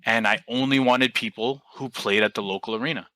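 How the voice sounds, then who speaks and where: A young man, a podcast guest and team coach telling stories in a relaxed, animated way with casual swearing. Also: mid-range voice, a little fast, dry recording, poor audio. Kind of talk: casual interview storytelling.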